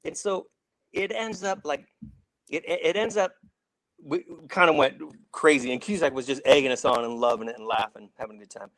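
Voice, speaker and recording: A man's voice: medium pitch, brisk, a bit bright, no echo, poor audio. A middle-aged man from Saint Louis, an actor guest telling rambling stories with many restarts and acted-out quotes. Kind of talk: casual storytelling.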